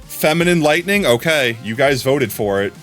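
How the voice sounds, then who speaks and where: A man's voice: mid-range voice, animated, normal speed, fairly bright tone, faint music behind. A man streaming live, chatting to himself and his chat while fixing his setup.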